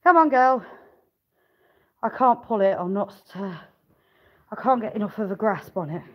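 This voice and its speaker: A farmer vlogger works in a sheep pen, wrestling and coaxing a ewe with effortful sighs and some swearing while she talks to her audience. The audio is dull, and her mid-range voice is husky and fairly quick.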